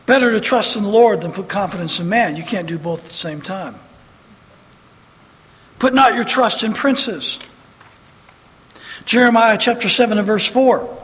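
A high-voiced man preaches with fiery emphasis, hammering repeated phrases and quoting scripture. His voice rings with a long reverb, as if in a big hall. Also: a little slow, long pauses, a bit bright. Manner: preaching with rising emphatic bursts and scripture quotes. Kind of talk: sermon.

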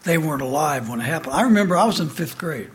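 An older man in his seventies, from the American Midwest, recalls his childhood for a listening audience. His voice sits a little high for a man, and his delivery moves between emphatic stresses and quiet, hushed passages. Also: quick pace. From Midwestern United States. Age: 70s. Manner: animated storyteller, alternately emphatic and hushed. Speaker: speaker giving an address. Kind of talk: personal recollection in a prepared address.

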